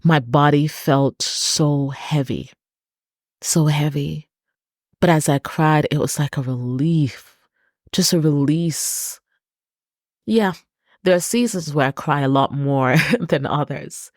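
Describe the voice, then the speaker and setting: Woman host, low voice, slow and earnest, leans on repeated words, dry close mic. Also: no room sound. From Britain. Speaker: podcast host. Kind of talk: personal reflective monologue.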